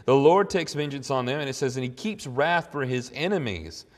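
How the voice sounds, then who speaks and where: A middle-aged man preaching a sermon. He talks earnestly, climbs to emphatic high points and then drops to quiet reflection. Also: very animated, moderate pace, long reverb tail. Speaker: pastor.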